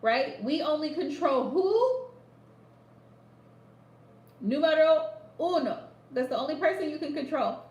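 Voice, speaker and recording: Woman psychic reader, high voice, direct and repetitive delivery, echoey room. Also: expressive, normal speed, a little mellow. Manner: addresses the listener directly, repeats phrases for emphasis. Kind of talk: live psychic reading.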